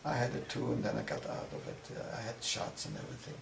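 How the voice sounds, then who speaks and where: In an interview room, an older man with a Viennese accent recounts his life for an oral history interview, telling it in a measured way and vividly recalling dialogue. His voice is medium-pitched, steady and gravelly, captured by a distant mic in a roomy space with noise.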